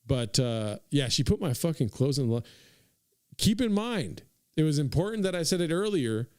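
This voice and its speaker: A man's voice: a little high, sing-song, normal speed, clean tone, no echo, studio quality. Rambling, profane young man telling a story. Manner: profane, rambling, says "dude" constantly, addresses listeners. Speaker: podcast host. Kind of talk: casual comedic storytelling.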